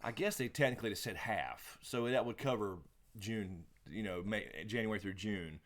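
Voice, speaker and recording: A man's voice: on the low side, moderate pace, a bit bright. A man co-hosting a casual live question-and-answer stream, laid-back, laughing often and swearing freely. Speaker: livestream co-host.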